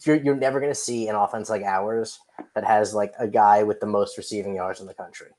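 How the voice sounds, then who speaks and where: A man co-hosting a sports podcast, chiming in with short relaxed replies. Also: fairly low pitch, a little fast. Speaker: podcast co-host. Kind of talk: casual sports podcast chat.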